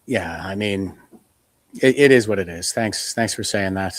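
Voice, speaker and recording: A man's voice: sits low, a little slow, no echo. A man from Canada, a guest in a casual interview, talking earnestly and retelling past conversations with many restarts.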